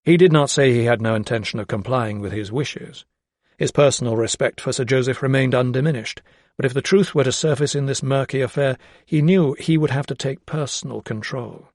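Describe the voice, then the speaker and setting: An audiobook narrator, male, reads a novel from a script in a measured, level storytelling voice. His pitch falls in an ordinary middle range, and the close, dry recording has no room sound or echo.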